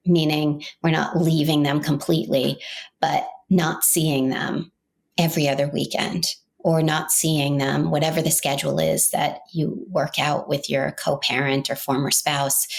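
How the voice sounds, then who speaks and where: A woman's voice: low-pitched, creaky. A middle-aged woman from Maine, a podcast host telling her own story in an earnest, heartfelt, reflective way. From Maine, United States.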